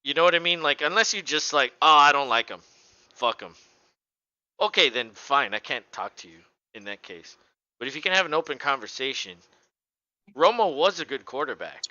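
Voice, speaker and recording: A sports podcast co-host, a man with a fairly high, brisk voice, rants casually, swearing a lot and doing mocking impressions. The recording is dry and the highs are cut off.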